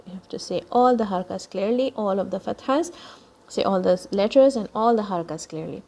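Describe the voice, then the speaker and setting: A woman teaching children Quran recitation, patiently explaining each sound and modeling words slowly for them to copy. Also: mid-range voice, warm tone. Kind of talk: children's tajweed lesson.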